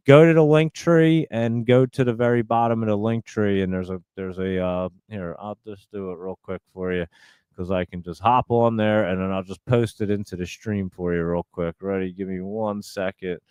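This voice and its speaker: Low, smooth-voiced male stream host. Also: a little mellow, dry recording, clean studio sound. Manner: loose and rambling, reads out viewer comments. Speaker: live stream host answering viewer chat. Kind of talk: casual live stream chat.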